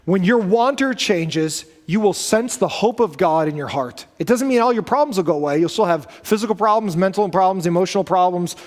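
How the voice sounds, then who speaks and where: In a sermon, a male pastor preaches in a relaxed storytelling style, correcting himself and drifting into asides. His fairly high voice moves fairly quickly with hardly any pauses, echoing with long reverb through the church sanctuary.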